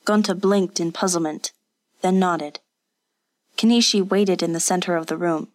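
A woman narrating a story in an even, unhurried audiobook reading. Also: fairly low pitch, no echo. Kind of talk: scripted narration.

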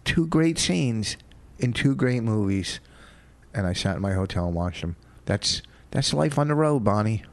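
A man's voice: on the low side, animated, measured pace. Rambling, profane man comedian. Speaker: comedian host. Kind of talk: casual chat.

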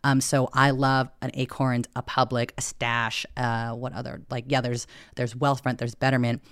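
A woman's voice: rumbling low, flat delivery, normal speed, clear, resonant tone, dry recording, studio quality. Candid, chatty woman on finance. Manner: candid, chatty, swears casually. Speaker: guest, personal finance educator. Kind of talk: casual podcast interview.

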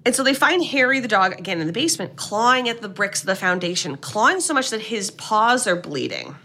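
A woman with a bright, clear voice retells a horror film for her co-host. She talks in an animated, sarcastic way, swearing now and then in casual podcast chat. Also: mid-range voice, a little fast. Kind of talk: casual movie recap chat.

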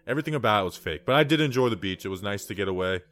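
A man's voice: lowish voice, animated, rapid-fire, fairly bright tone. A man co-hosting a sports podcast in casual chat, rambling and digressive, with lots of "like". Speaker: podcast co-host.

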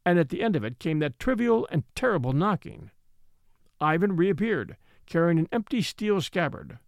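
A man's voice: a little high, very animated, moderate pace, dry recording, studio quality. A man reading a classic mystery aloud as an audiobook narrator, shifting his voice for each character.

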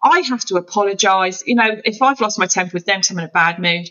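A woman speaks as a podcast guest, earnest and candid as she talks through her own experience. Her voice has a bright, forward edge. The audio is muffled and lo-fi, as from a remote call. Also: medium pitch, fast. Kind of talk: candid conversational storytelling.

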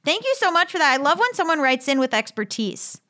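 A woman's voice: high voice, sing-song, a little fast, pushed and bright. A woman in her thirties hosting a podcast, chatting casually and reading listener emails aloud with amused laughs. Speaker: podcast host.

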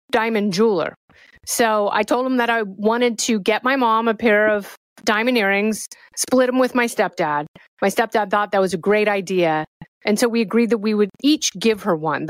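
A middle-aged woman chatting as a podcast guest, telling an animated story with playful quick delivery. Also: mid-range voice, no room sound. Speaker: podcast guest, fellow host. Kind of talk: casual chat, storytelling.

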